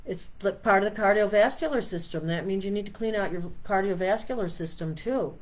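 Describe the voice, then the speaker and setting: A woman's voice: mid-range voice, fairly quick. Chatty woman rambling on a live stream. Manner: rambling, chatty, reads product labels aloud. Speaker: meditation host. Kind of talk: casual live-stream chat.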